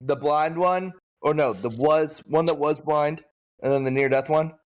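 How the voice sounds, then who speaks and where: A man at a tabletop game chimes in with quick questions and asides. His voice sits on the higher side. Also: low-quality recording.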